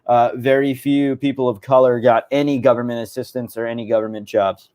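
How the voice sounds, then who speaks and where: A man's voice: mid-range voice, steady tone, brisk, darkish tone, clean tone. A man co-hosting a history podcast in casual chat, chiming in with facts and statistics. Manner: chatty, interjects with facts and statistics, apologetic. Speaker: podcast co-host.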